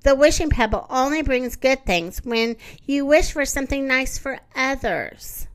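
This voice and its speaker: A woman voicing a kind, cheerful girl rag doll, gentle and hopeful in a storybook reading. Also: sits high, animated, unhurried.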